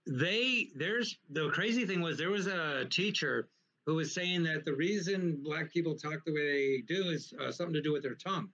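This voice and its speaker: A man hosting a casual talk show, explaining points in an animated, lecturing way with frequent restarts. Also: fairly high pitch, normal speed, low-quality recording. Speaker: podcast host. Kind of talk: casual conversation.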